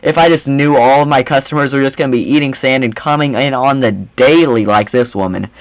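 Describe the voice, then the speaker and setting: A young man hosting a reaction video, mocking the clip in a rambling, animated way. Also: mid-range voice, fairly quick, dry recording, rough recording. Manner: mocking, animated, rambling with repeated "I mean, seriously". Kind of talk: casual reaction commentary.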